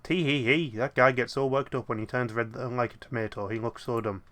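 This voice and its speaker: A man's voice: mid-range voice, steady tone, brisk, a bit bright, lightly acted. A man reading out a giggly, mocking villager from a puzzle game.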